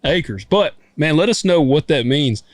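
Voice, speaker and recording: A man's voice: fairly high pitch, animated, unhurried, no echo, studio quality. A man hosting a podcast, chatting easily and reading listener reviews aloud with loose banter. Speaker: podcast host. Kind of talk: casual chat.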